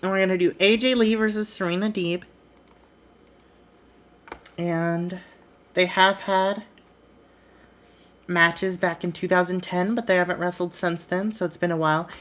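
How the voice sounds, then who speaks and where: A woman streamer chatting casually while she plays a wrestling booking game, swearing offhandedly. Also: fairly low pitch.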